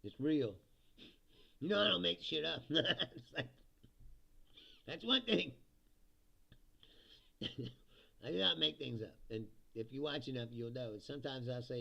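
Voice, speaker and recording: A man's voice: mid-range voice, unhurried, gravelly, long pauses, pushed and bright. A man hosting a livestream, ranting casually about politics, laughing often and mocking people in put-on voices. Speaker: livestream host.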